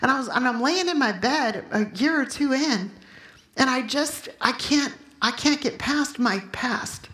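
A woman in her fifties giving a sermon with personal testimony to a room of listeners, emotional and loudly acting out her own prayers. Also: high voice, lively intonation, unhurried, echoey room. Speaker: speaker at a Christian gathering.

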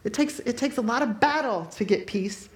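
A woman's voice: on the high side, moderate pace. Middle-aged woman preaching in an echoey church. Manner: emphatic, storytelling, acts out quoted speech. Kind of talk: sermon with personal testimony. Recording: echoey room.

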